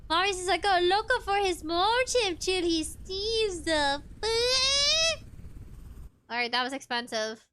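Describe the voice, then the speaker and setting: A woman's voice: very high-pitched, sing-song, takes it slowly, pushed and bright, a little hiss or hum. A woman live-streaming a game in casual chat, giggling as she reads chat messages and game text aloud. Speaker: VTuber streamer.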